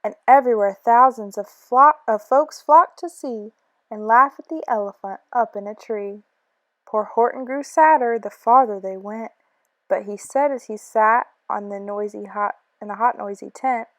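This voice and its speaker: A woman reading a rhyming children's book aloud in a rhythmic, expressive way. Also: on the high side, normal speed, no room sound. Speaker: storybook reader.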